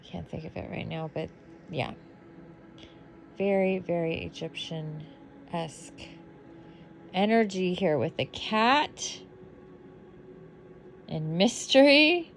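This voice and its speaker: Sleepy, slow-talking woman. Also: on the low side, gravelly, slight background noise. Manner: relaxed, drowsy, trailing off. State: sleepy, yawning. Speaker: tarot deck reviewer. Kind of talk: casual unboxing commentary.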